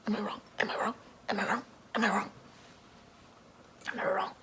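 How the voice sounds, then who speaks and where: A young woman voicing a greedy, cruel billionaire boss man in a comic whispered role-play, with a put-on deeper, soft, whispery voice and a smug, mocking manner. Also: level tone, fairly quick, close to an everyday voice. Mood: menacing whisper.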